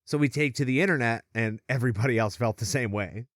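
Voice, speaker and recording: A man co-hosting a podcast, chatting casually, animated, and laughing often. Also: mid-range voice, fast talker, no room sound, clean studio sound. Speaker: podcast co-host. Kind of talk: casual chat.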